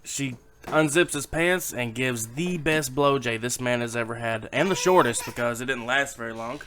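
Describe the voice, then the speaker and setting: A man's voice: medium pitch, normal speed, bright, forceful tone. A man casually telling a rambling, swearing joke to camera at home, with his daughter on his lap. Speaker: YouTube joke teller.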